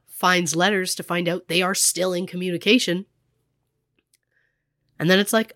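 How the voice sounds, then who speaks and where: A woman's voice: on the low side, moderate pace, fairly bright tone, no room sound. A woman co-hosting a casual true crime podcast, chatty, full of fillers and acted-out quotes, close to the mic. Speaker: podcast co-host.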